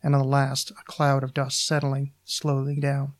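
A podcast host reading his own short story aloud in an even, measured way. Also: mid-range voice.

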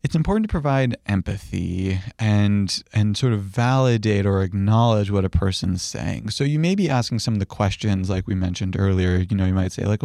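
Calm low-voiced man explaining gently. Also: moderate pace, gravelly, hardly any pauses, no echo, studio quality. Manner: calm, explanatory, acts out gentle example phrases. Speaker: psychiatry educator. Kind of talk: conversational teaching.

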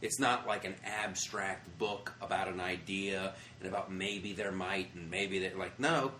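An American man, a comedian, telling travel stories in a casual interview, animated and profane, acting out the people he quotes. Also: sits low, a little slow, roomy sound, a little hiss or hum. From United States. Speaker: comedian guest. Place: comedy club after a show.

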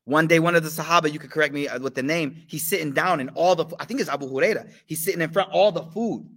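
A man's voice: on the high side, quick pace. Slangy man teaching a study circle. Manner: slangy, animated, asks the audience questions; mixes in recited religious phrases. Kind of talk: casual sermon to a live group.

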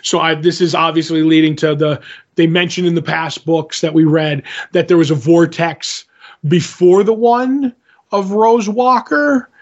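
A man's voice: on the high side, steady tone, a little slow. Rambling man recapping comics, lo-fi sound. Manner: rambling, many restarts, acts out dialogue loosely. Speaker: podcast co-host. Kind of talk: casual comic book recap.

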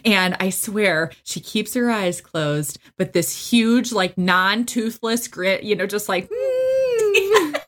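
A woman in her thirties co-hosting a podcast about motherhood, talking in an animated, emphatic casual way. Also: mid-range voice, slow, few pauses. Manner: animated, emphatic, trails off in restarts. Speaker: podcast co-host. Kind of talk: casual chat.

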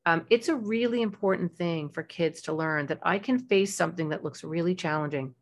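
Chatty parenting podcast woman, lowish voice. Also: fairly quick. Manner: warm, chatty advice with animated, high-pitched acted-out examples. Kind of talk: casual advice podcast.

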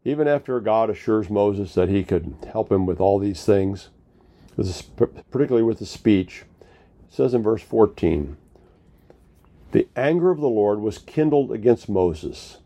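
A man's voice: fairly low pitch, expressive, moderate pace, warm tone. A male pastor giving a sermon in a conversational storytelling manner, retelling scripture with casual paraphrased dialogue.

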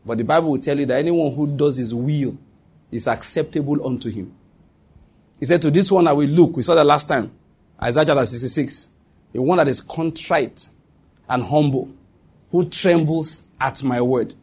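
A man preaching a sermon, reading scripture slowly and earnestly, with some restarts. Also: mid-range voice, a little mellow, husky.

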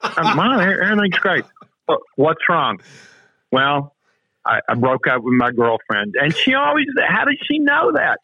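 A man's voice: on the high side, big pitch swings, normal speed, dry recording. A man coaching with emphatic rhetorical questions as a guest on a talk show. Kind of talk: motivational interview talk. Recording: tinny phone-like remote line.

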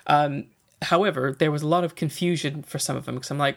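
A man in casual chat reviewing a film, animated and often acting out quotes. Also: fairly high pitch, a little fast, creaky.

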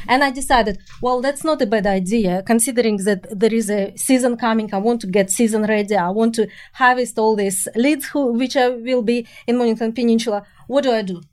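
A woman with a Russian accent, a native Russian speaker, hosting an interview and asking direct, blunt questions. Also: on the high side. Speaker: interview host. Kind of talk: casual interview.

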